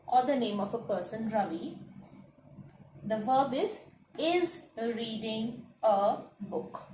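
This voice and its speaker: A woman teaching a grammar lesson, slowly listing words one by one and repeating her points. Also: a little high, recorded from a distance, a little hiss or hum. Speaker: English teacher. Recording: echoey room, voice off-mic.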